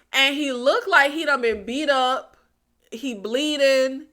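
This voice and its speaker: Animated, bright-voiced woman recapping a show. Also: high-pitched. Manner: animated, exasperated, addresses viewers as "y'all". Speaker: TV recap vlogger. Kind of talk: casual review vlog.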